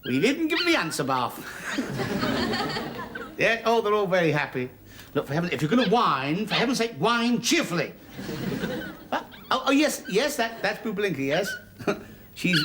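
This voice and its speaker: A blustering middle-aged husband in a TV sitcom, forever flustered and stammering in protest. His voice leaps up and down wildly. A loud, noisy studio track sits behind him. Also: high-pitched, very animated, moderate pace, pauses often. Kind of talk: 1980s British sitcom acting. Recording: TV studio with loud noise and audience laughter.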